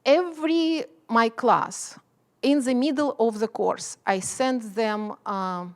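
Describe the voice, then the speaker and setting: A woman's voice: a little high, takes it slowly. Passionate woman speaking with an accent. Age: middle-aged. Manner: passionate, with non-native English phrasing. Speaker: professor giving a keynote. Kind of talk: keynote speech.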